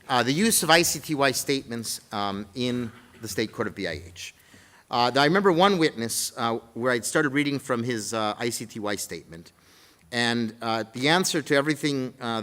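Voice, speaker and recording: A man on a legal panel, telling courtroom anecdotes in a measured way with frequent fillers. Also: medium pitch, pushed and bright. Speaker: defense counsel panelist.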